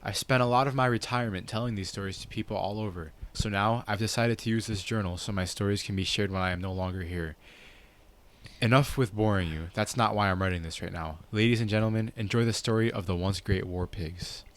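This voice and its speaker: A man voicing a retired older male storyteller who introduces himself and the old legends in a calm, unhurried reading voice. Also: fairly low pitch, slight background noise, natural voice. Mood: wistful.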